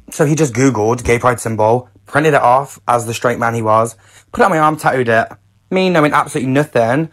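A young man in his twenties, chatty and self-mocking as he tells a casual story. His voice sits in an ordinary middle pitch for a man. The clip is played into a radio show. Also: brisk, fairly bright tone. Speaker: caller sharing a story.

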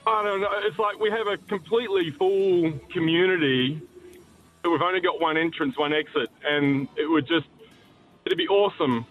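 A man's voice: on the high side, moderate pace, faint music behind. A man with a mixed New Zealand and Australian accent calling into a radio show, talking hesitantly with lots of fillers. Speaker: caller. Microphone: phone. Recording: dull phone-in line.

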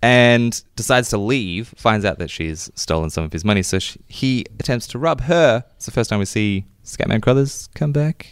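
A man's voice: lowish voice, moderate pace, hardly any pauses, clean tone, dry recording, studio quality. A man co-hosting a casual podcast, retelling film scenes with laughter. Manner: laughing, relaxed storyteller. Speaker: podcast co-host. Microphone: headphones and podcast mic.

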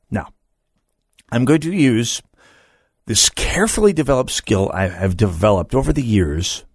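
Man, talk radio host, sardonic monologue, stammering restarts, lively intonation, dry studio mic. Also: mid-range voice, no echo.

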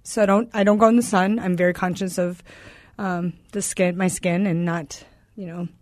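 A woman's voice: lowish voice, steady tone, normal speed, a little mellow, no echo, clean studio sound. A woman from Wisconsin, a podcast guest, chatting casually with lots of fillers and easy laughs. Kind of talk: casual chat.

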